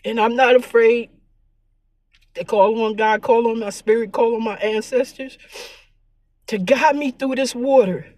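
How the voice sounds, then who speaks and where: High-voiced tearful woman vlogger. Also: fairly even intonation, unhurried, pauses often, a little mellow, dry recording. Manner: earnest, preachy and repetitive. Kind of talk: emotional spiritual vlog monologue.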